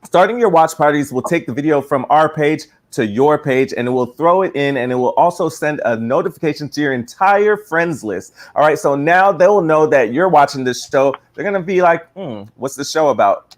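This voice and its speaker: A man's voice: fairly high pitch, lively intonation, fairly quick, hardly any pauses. A man co-hosting a live-stream show, upbeat and instructive as he tells viewers directly what to do. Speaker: co-host. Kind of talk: live-stream promo explanation.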